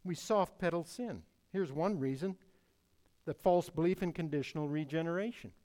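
A man preaching a sermon in an emphatic, deliberate way, repeating key phrases. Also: a little high, darkish tone.

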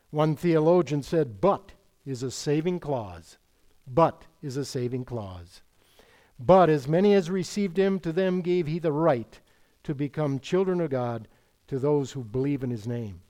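A man with a slightly high, warm voice preaches an expository sermon. He's emphatic, asks rhetorical questions, and quotes scripture in King James wording.

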